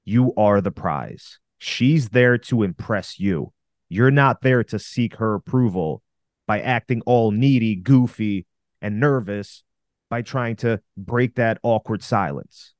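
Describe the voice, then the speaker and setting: A man's voice: fairly low pitch, slow pace, no room sound, clean studio sound. A man co-hosting a podcast, giving blunt, commanding dating advice to male listeners. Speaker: dating coach podcast co-host. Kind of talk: confident advice talk.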